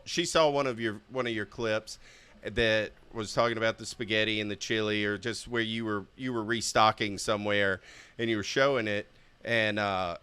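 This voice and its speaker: A man's voice: lowish voice, sharp tone, clean tone, no room sound. A man co-hosting a podcast, chatting casually and animatedly with a guest, laughing often. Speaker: podcast co-host.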